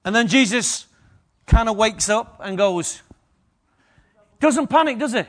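A man preaching a lively sermon to a congregation, acting out the story's characters. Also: extremely high pitch, measured pace.

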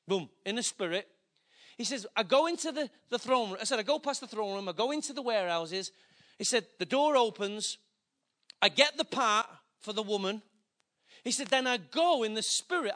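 A man preaching, telling a story with acted-out dialogue and plain emotion. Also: high voice. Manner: animated, acts out dialogue, gets emotional. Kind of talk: sermon storytelling.

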